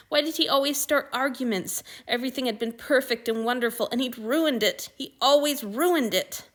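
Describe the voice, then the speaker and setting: A woman's voice: a little high, fairly bright tone. Woman reading fan fiction aloud. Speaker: narrator.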